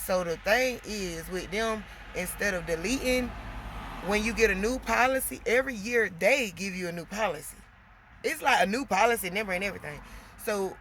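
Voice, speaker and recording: Bright-voiced woman venting to viewers. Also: mid-range voice, a little hiss or hum. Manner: animated, emotional, addresses viewers as y'all; gets loud when emotional. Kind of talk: casual venting monologue.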